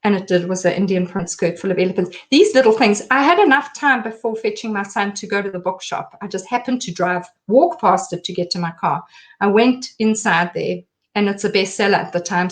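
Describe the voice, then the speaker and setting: A middle-aged woman speaking as an interview guest, telling a personal story in an emotional, halting way with many restarts. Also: mid-range voice.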